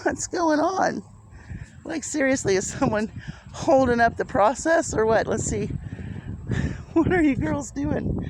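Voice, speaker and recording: Strolling her little farm for a casual vlog, this woman speaks animatedly but a little slowly, pausing often, with noise in the background. She's chatty with the camera and coos at her animals in high sing-song baby talk.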